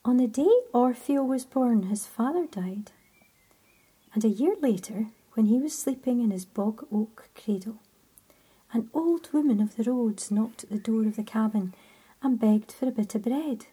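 A woman telling a story in a soft, hushed whisper. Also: a little high, unhurried, husky.

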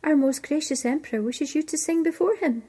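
A woman doing a gentle young kitchen maid. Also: sits high, fairly quick, pitched above the performer's own voice, natural voice. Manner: gentle, earnest, soft-spoken. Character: poor humble young kitchen girl.

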